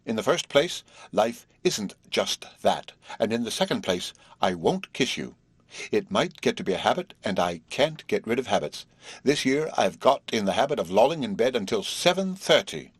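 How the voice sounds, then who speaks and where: A man reading the part of a formal, earnest young male prodigy who lectures and bristles, in a husky voice. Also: lowish voice, very animated, moderate pace, dry recording.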